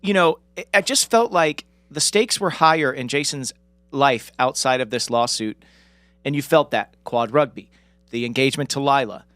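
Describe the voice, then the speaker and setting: A man's voice: mid-range voice, moderate pace, a bit bright, dry recording. A man co-hosting a podcast in casual chat, joking and rambling with lots of filler words. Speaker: podcast co-host.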